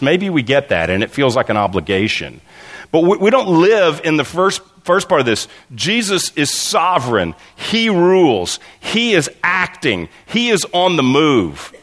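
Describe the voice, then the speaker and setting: A man preaching a sermon, telling stories with animated, stammering delivery and acting out the voices in his anecdotes. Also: mid-range voice. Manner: stammers and restarts often. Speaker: pastor.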